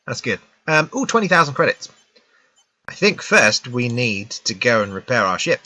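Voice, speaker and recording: A man's voice: medium pitch, big pitch swings, normal speed, bright, forceful tone. A British man giving casual live-stream commentary on a game at home, chatty and full of self-mocking asides. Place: at home with a laptop.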